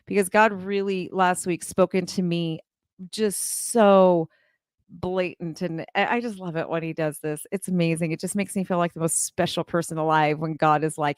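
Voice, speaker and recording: A woman's voice: lowish voice, fairly even intonation, normal speed, no echo, clean studio sound. A woman giving an earnest, emotional faith talk to business leaders on a live stream, speaking straight to her viewers. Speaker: childcare business coach and owner.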